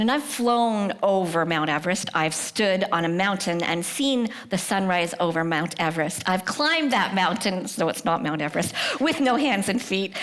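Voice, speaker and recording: Earnest woman telling her faith story. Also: on the low side. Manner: earnest and emotional, often sinking to a hushed whisper; addresses the audience directly with questions. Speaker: guest speaker at a prayer breakfast. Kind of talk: personal faith testimony to a live audience.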